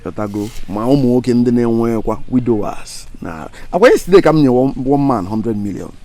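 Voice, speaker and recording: A man's voice: mid-range voice, brisk, natural voice. An actor with a Nigerian accent playing a self-important rich man boasting of his wealth and charity. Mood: bragging. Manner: bragging, flattering.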